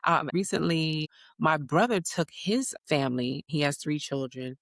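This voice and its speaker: A woman's voice: sits low, unhurried, gravelly, no echo, clean studio sound. A woman in her thirties, born in the United States, telling family stories as a guest and acting out her children's voices. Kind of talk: conversational interview.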